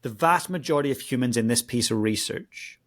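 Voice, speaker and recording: A male podcast host with a middle-pitched voice asks earnest, probing questions. He builds each question step by step before handing it over. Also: brisk. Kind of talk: podcast interview conversation.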